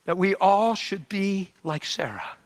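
A man preaching a sermon, animated and dramatic, swinging from loud bursts to hushed near-whispers as he acts out the people in his story. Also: sits high, a little slow.

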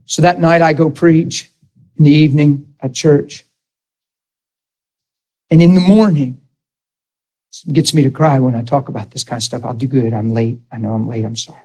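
A man's voice: moderate pace, pauses often. A man, a pastor, preaching a sermon and telling a personal story in an earnest, emotional way. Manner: earnest and emotional, swinging to high excited outbursts.

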